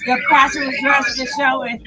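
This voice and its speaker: A woman giving reaction commentary in an exclamatory, drawn-out way. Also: high-pitched, little pitch movement, heavy background noise. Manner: exclamatory, slow drawl.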